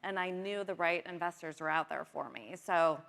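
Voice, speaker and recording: A woman's voice: on the low side, moderate pace, creaky, a bit bright. A woman who founded a company, speaking earnestly on a stage panel. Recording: live stage, long hall reverb.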